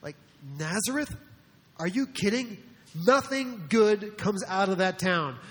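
A skeptical young man scoffs in disbelief as a preacher acts him out, his voice sitting high and light. The phrases ring out in a reverberant hall. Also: a little slow, fairly bright tone. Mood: scoffing. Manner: incredulous, dismissive.

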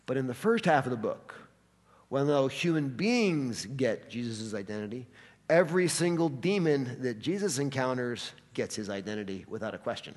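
A man preaching a sermon, acting out quotes with animated delivery in a church hall. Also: medium pitch, normal speed. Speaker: pastor. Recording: long hall reverb.

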